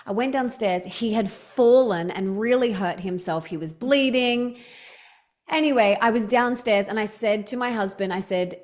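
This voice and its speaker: A woman's voice: mid-range voice, darkish tone. A woman in her thirties, a podcast guest telling stories in casual chat, with many restarts and fillers. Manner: chatty storytelling, quick restarts, lots of "like".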